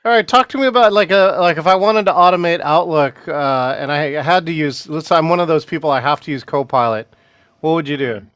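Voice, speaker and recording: This is a man hosting a podcast in a slightly high voice. The sound is dry and close. He asks his questions loosely and restarts mid-phrase. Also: a little fast, fairly bright tone, clean tone, no room sound. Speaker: podcast host. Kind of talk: casual interview questions.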